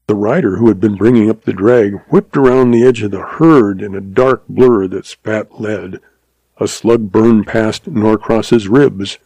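A man reading a western story aloud in steady scripted narration. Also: lowish voice, vocal fry, dry recording, rough recording. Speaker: audiobook narrator.

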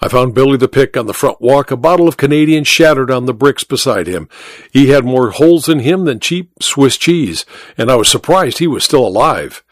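A man narrating a first-person noir tale as the host of a story show, hardboiled and measured. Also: mid-range voice, animated, dry recording, studio quality.

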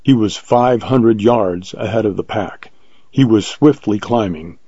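A man reading an adventure story aloud in a measured, vivid way, on a dull lo-fi recording. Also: lowish voice, warm tone, breathy edge, no room sound. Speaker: narrator. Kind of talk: scripted narration of an adventure story.

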